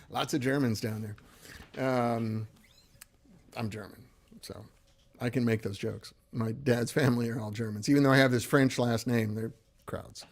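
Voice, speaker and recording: A man's voice: medium pitch, fairly even intonation, unhurried, long pauses. A man hosting a casual livestream, rambling and laughing as he reads viewer comments aloud. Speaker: livestream host and guitarist.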